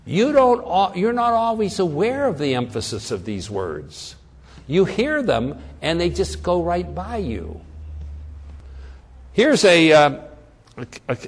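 A man giving a classroom lecture, illustrating his points by acting out example phrases with changing emphasis. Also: on the high side. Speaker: teacher. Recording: long hall reverb.

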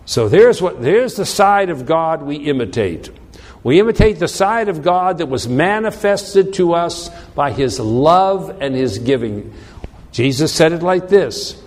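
A man preaching a sermon, emphatic and slowing down to read scripture aloud. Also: a little high, sing-song, long reverb tail. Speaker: pastor.

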